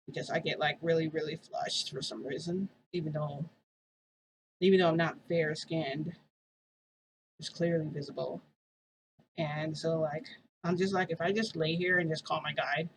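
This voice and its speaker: A woman's voice: deep voice, a little hiss or hum, rough recording. Rambling casual woman vlogger. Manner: rambling, heavy use of "like" fillers. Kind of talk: casual storytelling.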